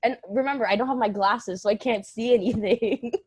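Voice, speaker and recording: Lively young woman with a dry close sound. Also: fairly high pitch, husky, dry recording. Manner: animated, laughing, quick self-mocking asides. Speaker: podcast co-host telling a story. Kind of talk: casual chat storytelling.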